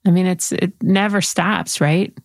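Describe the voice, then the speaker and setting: A woman's voice: on the low side, steady tone, measured pace, no echo, clean studio sound. A woman hosting an interview, thoughtful and articulate, responding with empathy. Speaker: host. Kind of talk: interview conversation.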